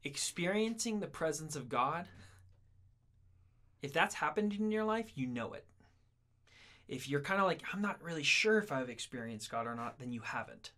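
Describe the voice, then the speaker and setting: A man's voice: a little high, expressive, normal speed, pauses often, pushed and bright. A man in an interview giving an earnest, explanatory reflection. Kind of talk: reflective commentary.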